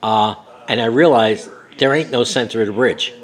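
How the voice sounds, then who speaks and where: A man's voice: medium pitch, normal speed, poor audio. An older man from New York, recounting a story from his memoir with many fillers and a rambling, conversational way of talking. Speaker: memoir author.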